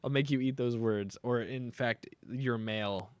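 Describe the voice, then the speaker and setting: A man's voice: medium pitch, measured pace, clean tone, no echo. A young man chatting casually on a live stream while making beats, joking and rambling playfully.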